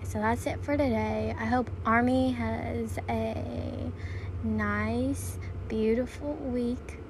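A woman's voice: fairly high pitch, background noise. A young woman vlogging casually, rambling through funny stories and laughing often as she talks. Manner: giggly, rambling, laughs often mid-story. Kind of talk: casual storytelling vlog.

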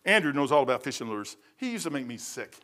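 A middle-aged man preaching a sermon in a folksy, animated storytelling way, calling listeners man and brother. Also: fast. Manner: folksy storytelling, animated swings in pitch and loudness; casual slang, addresses listeners as man and brother.

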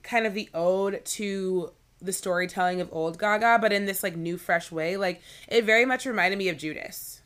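A woman's voice: medium pitch, normal speed, few pauses, fairly bright tone. A woman co-hosting a podcast in a casual chat, leaning heavily on "like" as she talks. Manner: chatty, leans heavily on "like". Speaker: podcast co-host.

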